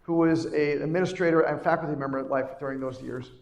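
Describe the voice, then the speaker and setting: A man's voice: on the high side, fairly even intonation, fast talker, creaky, darkish tone. Emphatic man speaking in an echoey hall. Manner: emphatic, repeats key lines, questions the audience. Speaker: chiropractor giving a keynote talk. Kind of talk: inspirational conference speech. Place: conference hall, live before an audience.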